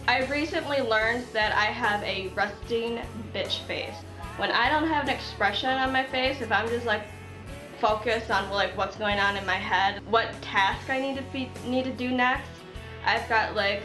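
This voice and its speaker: Chatty Chicago woman in an echoey room. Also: fairly high pitch. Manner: chatty, frank, swears freely. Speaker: vlogger. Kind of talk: casual storytelling vlog.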